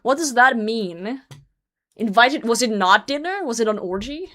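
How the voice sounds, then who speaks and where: Woman streamer, a bit high-pitched, blunt, swears a lot, laughs while reading aloud, casual chat at a desk mic. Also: lively intonation, measured pace, sharp tone. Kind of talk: livestream chat, reading a story aloud with commentary.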